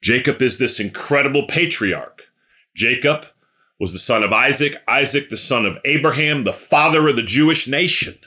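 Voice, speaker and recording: Bright-toned male preacher. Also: medium pitch, breathy edge. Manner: conversational, repeats phrases, fills pauses with "um". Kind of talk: sermon.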